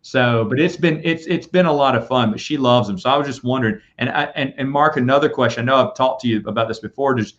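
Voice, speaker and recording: A man hosting a casual chat, telling rambling, animated stories. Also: medium pitch, fast, few pauses. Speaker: podcast host. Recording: dull lo-fi audio.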